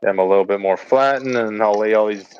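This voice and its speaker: A man with a lowish, smooth, darkish voice talks fast while casually chatting on his pottery stream from his home pottery space. He rambles, jokes and laughs often, and the sound is lo-fi.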